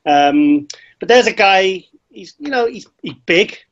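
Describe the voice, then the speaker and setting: Male co-host, high-voiced, chatty and excitable, lo-fi sound. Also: unhurried. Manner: excitable storytelling, lots of restarts. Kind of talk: casual chat. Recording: slightly dull lo-fi sound.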